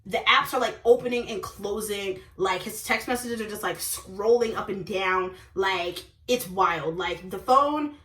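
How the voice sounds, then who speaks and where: A young woman, a vlogger, telling a dating story in a casual, animated way, jumping between loud exclamations and low asides. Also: unhurried, few pauses. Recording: roomy, from a distance.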